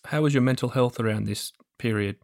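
A man hosting a podcast, asking calm, steady questions. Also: mid-range voice, brisk, gravelly, no echo, clean studio sound. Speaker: podcast host. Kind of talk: interview questions.

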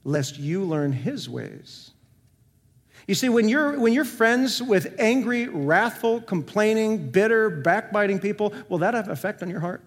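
A male senior pastor preaching a sermon, asking the congregation questions and moving between emphatic and soft delivery. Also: sits high, normal speed, hardly any pauses. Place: church sanctuary. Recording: long hall reverb.

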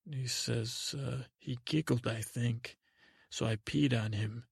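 Brief: male storyteller, improvised comic bedtime tale, gravelly and husky, dry close sound. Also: mid-range voice, slow, dry recording. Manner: rambling, stammering, deadpan. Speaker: podcast storyteller.

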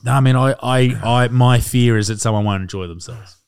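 A man's voice: mid-range voice, fairly quick, darkish tone, clear, resonant tone. An Australian man hosting a comedy podcast, talking in casual banter, blunt and swearing freely, often laughing.

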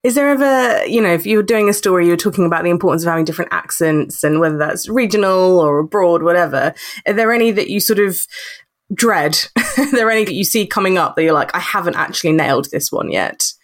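A woman's voice: lowish voice, fast talker. A woman interviewing a guest with curious, playful questions. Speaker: podcast interviewer.

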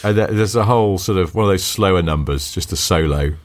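A middle-aged man, co-hosting a podcast and telling stories in an animated, chuckling way. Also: a little fast. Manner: animated storyteller, chuckling, pitch jumping up when excited. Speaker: podcast co-host. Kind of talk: casual chat.

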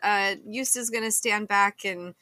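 A woman's voice: mid-range voice, steady tone, a little slow, bright, forceful tone, dry recording. A woman narrating a tabletop game as game master, laughing often and using many fillers. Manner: giggly, filler-heavy narration.

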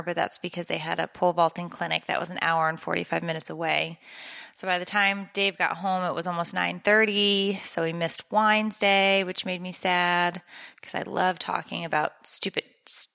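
A woman co-hosting a podcast, chatting casually in a relaxed, rambling way. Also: on the low side, creaky, no room sound. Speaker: podcast co-host. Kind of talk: casual chat.

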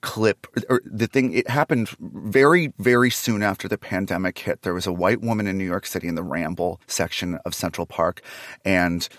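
A man, a comedian guest on a podcast, telling stories in casual, animated, digressive conversation. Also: deep voice, moderate pace, no echo, studio quality.

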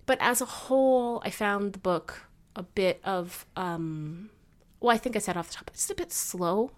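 A chatty woman talks through a novel in a relaxed co-host conversation. Her voice sits at an ordinary middle pitch, and her delivery is animated, with frequent laughs and loose fillers. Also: measured pace. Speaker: book podcast co-host. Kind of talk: casual book discussion.

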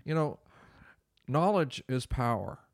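A man's voice: mid-range voice, animated, slow, no room sound, clean studio sound. A man playing a bumbling, self-important male online-college professor, who rambles and halts mid-sentence. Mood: pompous. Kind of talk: improvised comedy character.

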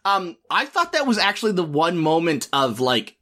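A man co-hosts a casual podcast during a drinking game, his voice sitting a bit high and bright. He sounds tipsy. He rants at the film, swears freely and keeps breaking into laughter. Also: moderate pace. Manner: animated, profane, laughs often. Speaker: podcast co-host. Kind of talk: casual film-review chat.

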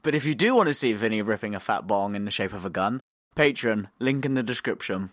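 A man co-hosts a casual podcast with lively, swinging intonation. He argues his opinions hard, often sinking into a low mutter to make a point. His voice sounds close to the mic, with a dry sound and no room echo. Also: brisk. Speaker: podcast co-host. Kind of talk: casual banter.

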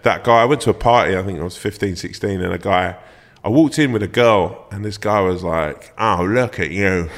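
Lowish-voiced man, swearing storyteller. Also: brisk. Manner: swears freely, animated storytelling with restarts. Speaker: comedian and actor guest. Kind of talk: casual podcast chat.

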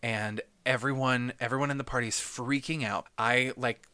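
A man co-hosting a casual podcast, telling a wild party story in a lively, chatty way. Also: mid-range voice, moderate pace, clear, resonant tone, no echo. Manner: animated anecdote-telling with laughs. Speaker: podcast co-host.

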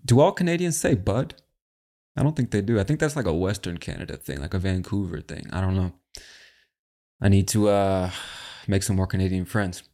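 A man's voice: low voice, fairly quick, dark tone. A man hosting a casual English-learning podcast in a laid-back, chatty way, swearing now and then. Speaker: podcast host, English teacher.

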